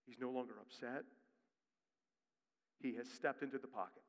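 A male pastor preaching a sermon. He moves from quick, quiet asides to loud, rising emphasis. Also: mid-range voice, steady tone. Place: church sanctuary. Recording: long reverb of a church hall.

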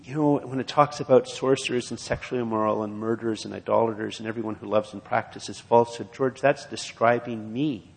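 A man's voice: medium pitch, steady tone, a little fast, gravelly, few pauses, darkish tone. A man preaching a sermon and reading scripture aloud, in an earnest, repetitive preaching cadence. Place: church. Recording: long hall reverb.

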